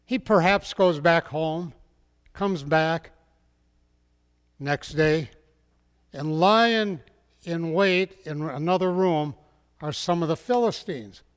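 A man's voice: fairly high pitch, slow pace, long pauses, clean tone. A man preaching a storytelling sermon in a folksy way, speaking directly to his listeners. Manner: folksy, addresses the audience directly. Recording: long hall reverb.

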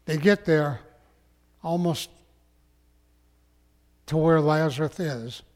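A man preaching a sermon as a pastor, slow and emphatic, sometimes dropping to a hush. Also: fairly high pitch. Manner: slow, emphatic preaching that drops to hushed tones. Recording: long echoing hall.

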